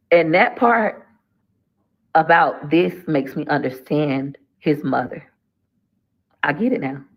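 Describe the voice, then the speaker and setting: A middle-aged woman, talking through a casual live-stream monologue in a preachy, emphatic way that repeats phrases. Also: low-pitched. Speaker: livestreamer.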